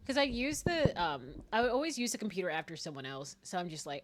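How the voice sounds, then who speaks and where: A woman's voice: lowish voice, very animated, normal speed, noisy background. A young woman streaming a game, chatting casually, laughing often and swearing freely.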